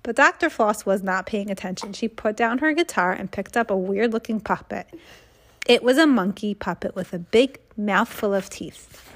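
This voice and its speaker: A woman's voice: medium pitch, normal speed. Woman reading a kids' book aloud. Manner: lively, expressive reading with asides. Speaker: reader.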